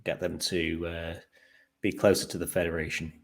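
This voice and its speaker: Low-voiced man, dry and teasing. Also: level tone, normal speed. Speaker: podcast co-host. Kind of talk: casual chat.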